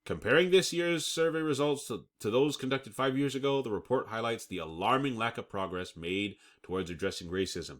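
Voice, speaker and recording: Here a channel host with a fairly low voice talks quickly and with lively intonation, barely pausing as he reads news reports and gives emphatic commentary. Frequent "okay?" check-ins punctuate his delivery, and he chuckles at his own verbal slip-ups.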